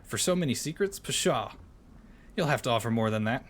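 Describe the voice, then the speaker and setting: A man voicing a pair of crafty, mischievous goblins while reading a storybook aloud, in a raised, excited voice. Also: fairly high pitch, fairly quick, pitched above the performer's own voice, natural voice. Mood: scheming.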